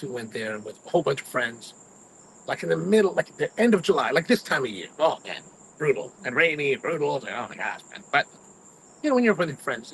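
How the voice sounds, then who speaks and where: Animated man chatting, rambling stories. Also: fairly high pitch, creaky, slight background noise, rough recording. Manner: rambling storyteller, mimics his own grumbling. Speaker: cigar review host. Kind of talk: casual chat to live viewers.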